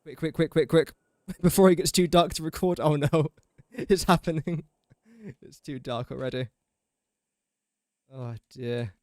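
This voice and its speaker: This young adult gaming streamer from England chats casually during a live building-game session, narrating every step to himself. He speaks at a measured pace in a fairly high voice, recorded clean in a studio with no room sound.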